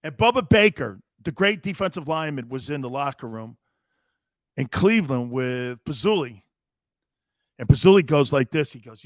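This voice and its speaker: Hosting a sports talk show, a man from Connecticut, United States, speaks at a normal speed in a slightly high voice for a man. He is excitable, laughs a lot, and wanders from story to story, captured close-miked and dry with no room sound.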